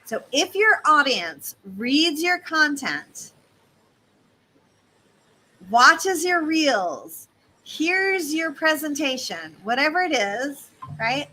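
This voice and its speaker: A woman business coach teaching in a casual, animated way, speaking straight to her listeners. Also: high-pitched, extremely slow, pauses often, poor audio.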